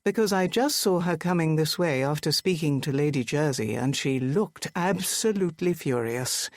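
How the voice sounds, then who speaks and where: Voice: medium pitch, lively intonation, normal speed, dry recording, close to an everyday voice. An audiobook narrator voicing a reserved army major who speaks in a dry, clipped, wry way.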